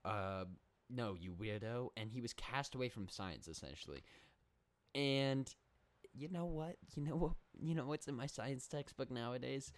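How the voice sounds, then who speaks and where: A man's voice: mid-range voice, lively intonation, moderate pace. A young man hosting a comedic solo podcast, rambling in a mock-serious way and correcting himself as he goes. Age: young adult. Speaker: podcast host.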